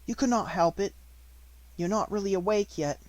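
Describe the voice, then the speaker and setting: Man voicing a soft-spoken kind little girl, slightly raised pitch, dry close voice. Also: moderate pace, no echo, lightly acted. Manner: soft, lilting, kindly.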